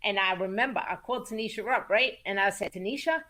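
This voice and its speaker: A woman guest in a casual interview, telling music business stories in an animated, emphatic way, repeating words for stress and cursing casually. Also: mid-range voice, fast. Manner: acts out quoted voices in lively storytelling. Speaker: music manager and entertainment attorney, guest.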